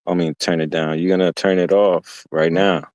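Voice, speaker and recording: A blunt, insistent police officer as a man quotes him while telling a story, low in tone. He keeps repeating his orders. The sound is dry and close. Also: little pitch movement, moderate pace, darkish tone, no echo, lightly acted. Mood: stern. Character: stern male police officer.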